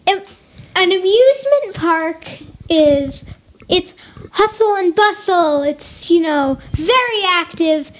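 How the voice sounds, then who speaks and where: A woman's voice: extremely high pitch, expressive, slow. A young woman in a casual panel debate, arguing her side in an upbeat, earnest way. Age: young adult.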